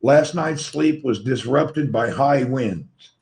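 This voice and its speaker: A man's voice: medium pitch, slow pace, gravelly, darkish tone. A man with a Southern US accent hosting a casual livestream, greeting viewers by name and chatting, his voice tired and a little crackly from lack of sleep. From Tennessee, USA. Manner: friendly, greets viewers one by one. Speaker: livestream host. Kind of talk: casual livestream chat, reading out viewer comments.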